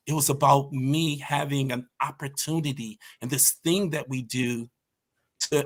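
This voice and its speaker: A man as a podcast guest, telling stories about his martial arts team with passion and emphasis. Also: medium pitch. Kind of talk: conversational storytelling.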